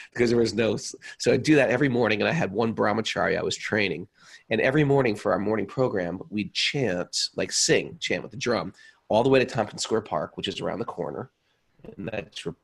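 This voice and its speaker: A man's voice: fairly low pitch, creaky, slightly rough. A man co-hosting a casual spiritual talk show, telling long rambling stories and often repeating himself. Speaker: podcast co-host. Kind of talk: casual chat.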